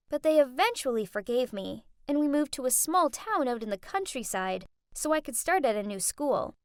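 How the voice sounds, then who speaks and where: Young woman, storytime narrator, high and very animated, dry close mic. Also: no echo. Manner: lively, dramatic first-person telling.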